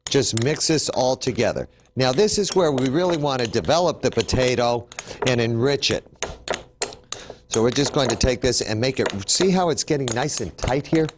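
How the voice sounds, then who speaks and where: A man's voice: mid-range voice, expressive, moderate pace, noisy background. A man hosting a TV cooking demonstration, upbeat and chatty, explaining each step as he works. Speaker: cooking show host.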